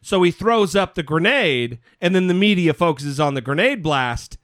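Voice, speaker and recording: Sarcastic man with a lively voice. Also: on the high side, moderate pace, no echo, clean studio sound. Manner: sarcastic and incredulous. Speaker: podcast co-host. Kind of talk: political commentary chat.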